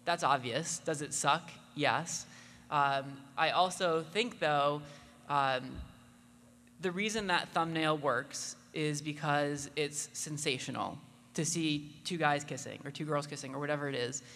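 A man speaking on a live panel in a halting way, with many pauses and fillers. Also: fairly high pitch, pushed and bright. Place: convention hall stage. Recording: echoey hall with faint noise.

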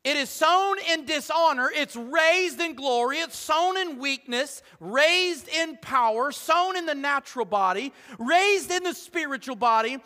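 A middle-aged man, preaching a lively, joking sermon as pastor and swinging between loud calls and hushed asides. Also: very high voice, unhurried, few pauses. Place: church sanctuary. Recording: long hall reverb.

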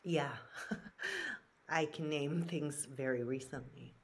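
A woman with a low voice answers an interviewer in an unhurried way. She sounds earnest and reflective, working her thoughts out with restarts and fillers. She takes her time over each point. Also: big pitch swings, husky. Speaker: guest, brand strategist and author.

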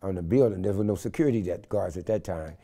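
A man's voice: low-pitched, quick pace. An older man, telling a wild story in an interview and acting out the voices in it. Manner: animated storyteller acting out quotes in loud shifts. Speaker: interview guest.

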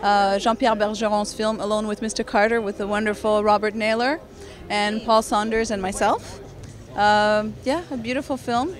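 A woman's voice: mid-range voice, fairly even intonation, moderate pace. A woman with a Quebec French accent, a guest actress answering red carpet questions.

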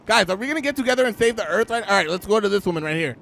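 A brash, foul-mouthed woman who runs a taco truck, as a man puts her on in a game role-play. Her voice sits high, and she lurches from crude flirting to theatrical shrieks. It is all brazen and over the top. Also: lively intonation, racing, vocal fry, fairly bright tone, a little hiss or hum, heavily acted. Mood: rallying.

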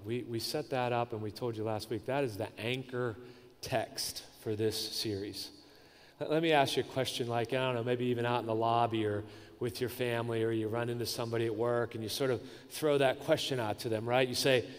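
A man's voice: mid-range voice, fairly quick. A man preaching a sermon as pastor, talking conversationally with restarts and rhetorical questions. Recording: echoey hall reverb.

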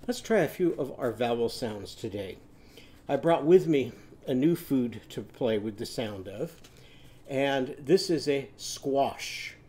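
A man teaching a children's phonics lesson, modeling letter sounds in a slow, sing-song way. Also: medium pitch, warm tone. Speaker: literacy teacher.

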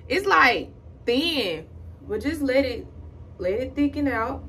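A woman's voice: sits high, expressive, slow, fairly bright tone, slight background noise. A young woman filming a casual get-ready-with-me tutorial at home, chatting straight to her viewers and calling them "y'all". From Houston, Texas. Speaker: beauty vlogger. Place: at home, indoors.

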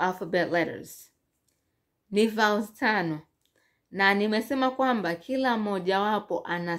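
Slow-drilling woman English teacher. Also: mid-range voice. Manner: slow, repetitive, drawn-out drilling of sounds. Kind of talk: slow bilingual phonics lesson.

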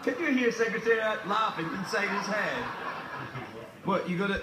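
A man's voice: high voice, moderate pace. A man hosting a late-night talk show, teasing a guest with playful, jokey banter and frequent laughs. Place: TV studio with audience. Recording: roomy studio with background noise.

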